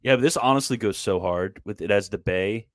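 A man's voice: fairly low pitch, fairly quick, a bit bright, dry recording, clean studio sound. A man from Maryland with a Maryland accent, hosting a casual livestream chat in a rambling, laid-back way full of fillers. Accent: Maryland American. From Maryland, USA. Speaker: show host.

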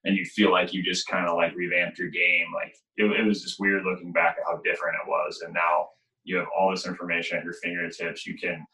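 A man with a very low voice talks in a loose, rambling way, full of "like" and "you know". His tone is bright and forceful despite the depth. The sound bounces around a roomy space. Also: brisk. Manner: relaxed storytelling with many fillers. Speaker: goalie coach. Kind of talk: casual conversation. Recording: echoey room.

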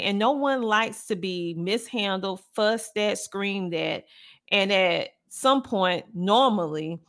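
A woman hosting a podcast with casual commentary, talking loud and animated and answering viewer comments. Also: mid-range voice. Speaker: podcast host.

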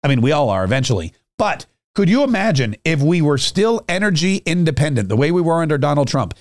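A man's voice: fairly high pitch, sing-song, fast talker, no room sound. A man hosting a podcast, delivering a rambling, sarcastic political commentary monologue. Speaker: podcast host.

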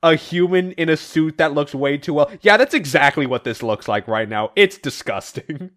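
A man co-hosting a podcast, casually retelling comic book issues with animated voiced quotes and the odd swear. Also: fairly high pitch, moderate pace. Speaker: podcast co-host recapping comics. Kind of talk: casual comic recap chat.

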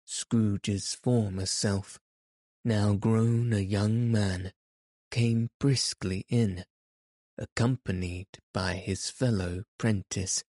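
A man narrating a classic story in an expressive, measured audiobook reading. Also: fairly low pitch, no echo, studio quality.

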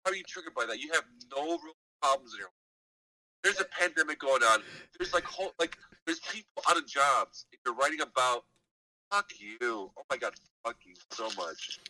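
Profane ranting man, sharp bright voice. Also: fairly high pitch, big pitch swings, normal speed, no room sound. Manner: profane, heated, sarcastic ranting. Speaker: podcast co-host. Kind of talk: casual podcast rant. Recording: dry, distant mic.

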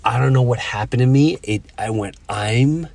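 A man's voice: medium pitch, gravelly, a little mellow. Middle-aged man telling stories casually. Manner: storytelling, halting restarts. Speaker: podcast host. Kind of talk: casual chat.

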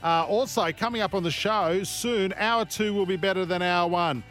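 A man's voice: high-pitched, normal speed, fairly bright tone, soft background music. A man hosting a sports radio show, bantering jokily and laughing often. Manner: jokey, laughs often, plays up fun facts. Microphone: studio mic.

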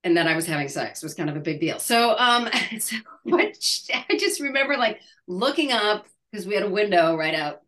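A woman in her sixties, an actress being interviewed, telling a story in a halting way with many restarts and laughs. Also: medium pitch, big pitch swings, fairly bright tone. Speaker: actress guest. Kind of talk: casual interview chat.

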